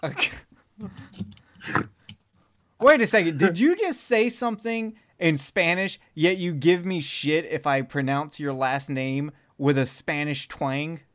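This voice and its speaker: Excitable, swearing podcast host. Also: male voice, on the high side, measured pace, hardly any pauses. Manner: enthusiastic, swears freely. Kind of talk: casual podcast chat.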